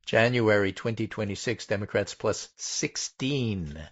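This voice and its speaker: Low-voiced man reading poll numbers. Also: dull audio. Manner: methodical, pauses to stress numbers. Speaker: political podcast host. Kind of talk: casual political chat, reading poll findings.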